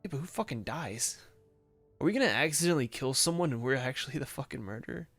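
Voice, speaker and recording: Male gamer, mid pitch, casual and profane, reads in-game letters aloud, light music under. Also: animated, quick pace, gravelly, fairly bright tone, no room sound. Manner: profane, blunt, reacting with frustration. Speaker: let's play gamer. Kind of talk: casual gameplay commentary and reading game text aloud. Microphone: desk microphone.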